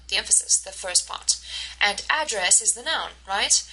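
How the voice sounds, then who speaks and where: Woman teacher doing a recorded slide lecture, bright clear voice, slows down on example words. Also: medium pitch, expressive, rough recording. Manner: explanatory, slows to model stressed words. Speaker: university instructor.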